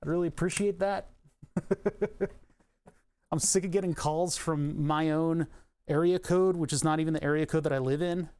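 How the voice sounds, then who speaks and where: A man with a fairly high voice talks loosely through a repair on a livestream. He rambles and drifts into asides, with lots of fillers and the odd laugh. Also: fairly even intonation, normal speed, pauses often, a little mellow, clean tone. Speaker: streamer. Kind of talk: casual livestream talk while repairing electronics.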